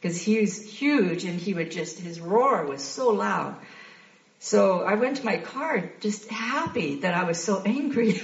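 Woman, 60s, heartfelt storyteller, halting delivery, dull echoey recording. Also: medium pitch, animated. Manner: candid, halting, laughs often. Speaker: guest sharing a recovery story. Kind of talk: personal storytelling.

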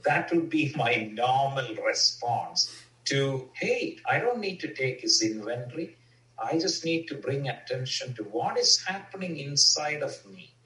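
A man's voice: medium pitch, lively intonation, measured pace, sharp tone, echoey room, far from the mic, rough recording. A man speaking earnestly and reflectively in a personal recovery share, with many fillers. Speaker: twelve-step member sharing.

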